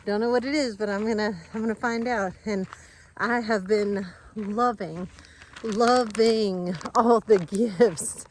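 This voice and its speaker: On a rural driveway and yard, a woman who vlogs for a family farm channel walks outside and chats casually to her viewers, rambling, earnest and warm, talking to both her animals and her audience. Her mid-range voice has fairly even intonation and a slow pace. There's a little hiss or hum.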